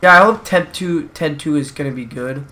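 Gaming host, male, bright and a bit high, rambly and quick to rage at the game. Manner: rambling, easily frustrated, swearing at the game. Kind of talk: casual gameplay commentary.

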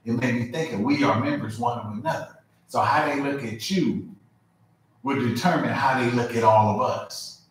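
A man preaching a conversational sermon, informal and animated, full of asides and "you feel me?". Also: medium pitch, moderate pace. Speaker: pastor. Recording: very echoey room, mic far off.

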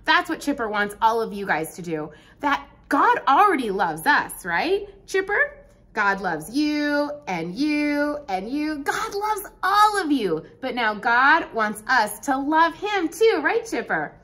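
Woman, preschool Bible teacher, very high voice, slow and clear, bright tone. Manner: animated, exclamatory, talks to young children. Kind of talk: children's Bible lesson.

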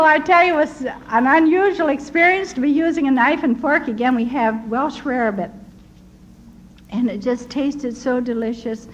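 An older woman giving her personal testimony as a story, quoting the people she met and laughing softly now and then. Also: high-pitched, moderate pace. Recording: dull lo-fi recording with faint hiss.

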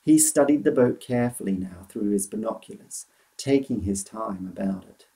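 A man's voice: fairly low pitch, normal speed, creaky, poor audio. Man reading a children's story aloud. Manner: expressive, animated read-aloud.

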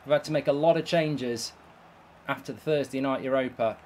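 A man's voice: medium pitch, brisk, darkish tone, a little hiss or hum. A man with a heated, swear-filled delivery, hosting video game commentary. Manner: exasperated, swears often. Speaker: host.

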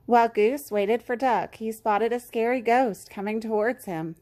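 A woman reading a children's picture book aloud, gently and expressively. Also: on the high side, normal speed. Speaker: children's story reader.

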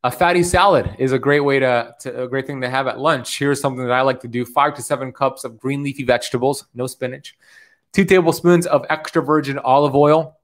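With a medium-pitched, steady voice and a slightly fast delivery, a man in his thirties coaches viewers on keto. The motivational talk to camera is upbeat and preachy, sprinkled with check-ins of "okay?".

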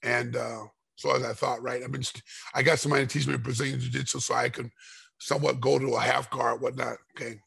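A middle-aged man, a former fighter, telling a rambling story in a podcast interview and getting loud and heated as it goes. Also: mid-range voice, little pitch movement, fast talker, vocal fry, breathy edge. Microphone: podcast microphone.

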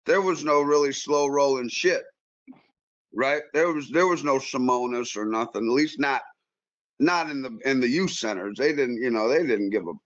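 A man telling a story in casual chat, animated and profane, with frequent repeated words and restarts. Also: mid-range voice, normal speed, highs cut off. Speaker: guest pool player.

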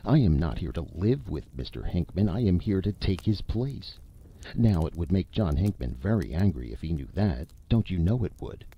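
A man's voice: low-pitched, sing-song, moderate pace, a little hiss or hum. A man voicing a polite but fretful male ghost in a story reading, eager and fussy in manner. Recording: dull lo-fi recording.

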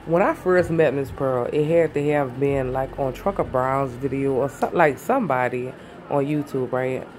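A woman's voice: extremely low pitch, normal speed, a little mellow, slight background noise. A woman YouTuber with the hiccups, chatting casually and rambling to her viewers, calling them baby. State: has the hiccups. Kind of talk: casual vlog chat.

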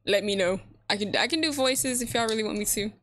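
A woman's voice: mid-range voice, quick pace, a bit bright. A woman hosting a let's play, chatting casually with viewers and laughing often. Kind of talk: casual gameplay commentary. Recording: game music behind.

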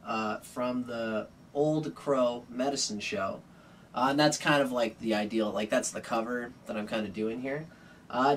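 A young man casually explaining a guitar song, relaxed and rambling with many fillers. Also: mid-range voice, distant mic, slight background noise. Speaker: guitar teacher. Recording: loud guitar over the voice.

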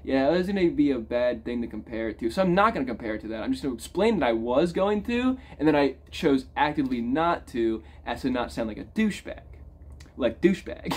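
A man giving a casual, profane movie review, talking with big swings in pitch and loudness. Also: animated, fast talker, hardly any pauses.

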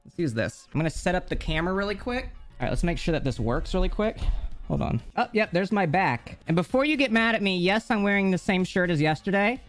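A man streaming live from his home bedroom, chatting casually, excitable and swearing, quick to get frustrated. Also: sits high, soft background music. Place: home bedroom with a slanted wall. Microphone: streaming mic, moving off-camera at times.

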